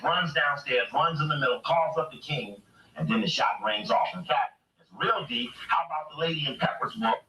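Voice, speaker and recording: A man's voice: sharp tone, slight background noise. Emphatic man lecturing from an echoey distance. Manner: emphatic, rhetorical questions, acts out quotes with rising pitch. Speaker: speaker reading from books to a camera. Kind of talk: impassioned lecture reading quotes aloud.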